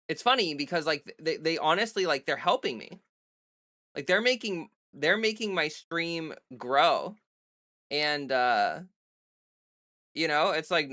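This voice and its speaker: A woman talking off the cuff on a home livestream, her voice bright and forward. She rambles through fillers and restarts and stays blunt and defiant, swearing freely. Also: deep voice. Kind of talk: casual livestream chat. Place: home streaming setup under bright lights.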